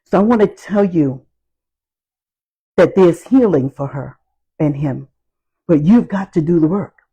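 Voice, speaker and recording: Woman motivational speaker, warm mellow voice, slow and emphatic, keeps repeating phrases. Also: fairly low pitch, lively intonation, husky, muffled recording. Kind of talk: motivational talk on healing.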